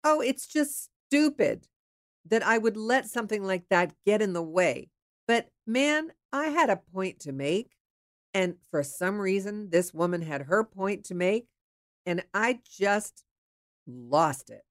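A woman's voice: mid-range voice, very animated, takes it slowly, no room sound, clean studio sound. A woman from the Pittsburgh area candidly telling a personal dating story in a frank, chatty way, with the odd swear. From Pittsburgh area, USA. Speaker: storyteller sharing her dating life.

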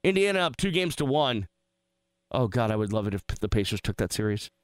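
Animated man hosting sports talk radio. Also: lowish voice, brisk, no echo. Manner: emphatic, conversational, animated. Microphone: studio microphone.

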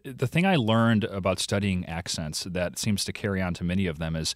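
A man's voice: low voice, a little fast, dry recording, clean studio sound. A man, a podcast reporter, explaining things as a guest in a conversational radio interview, thinking aloud with fillers.

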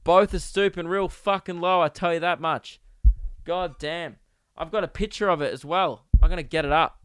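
A man's voice: a little high, fairly bright tone, clear, resonant tone, no room sound. Exasperated Australian man ranting sarcastically. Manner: exasperated, sarcastic storytelling with mock voices. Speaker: podcast host. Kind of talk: solo comedic rant.

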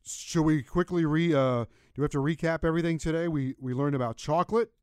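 A man's voice: on the high side, fast, darkish tone, clean tone, no room sound, studio quality. A middle-aged man guest-hosting a sports radio show, chatting casually and laughing easily.

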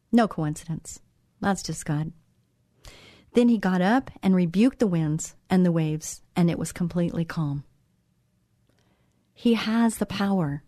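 A woman's voice: medium pitch, mellow, no room sound, clean studio sound. A woman hosting a Christian talk show, speaking in an encouraging, conversational way and repeating phrases for emphasis. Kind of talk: devotional talk show monologue.

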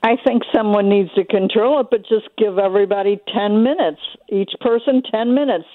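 A woman's voice: medium pitch, a little fast, no echo. A woman caller to a radio show, speaking insistently and lecturing the host, over a telephone. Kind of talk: call-in radio conversation. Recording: tinny phone line.

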